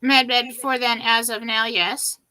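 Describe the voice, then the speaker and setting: A woman's voice: fairly high pitch, flat delivery, normal speed, bright, forceful tone. A woman answering viewer questions as a psychic on a live stream, casual and loose, thinking aloud.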